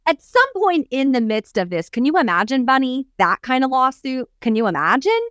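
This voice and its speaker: Animated high-voiced woman telling a story. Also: moderate pace, smooth, no room sound, clean studio sound. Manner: animated storyteller who acts out quotes. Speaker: podcast co-host and business coach. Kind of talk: casual podcast chat.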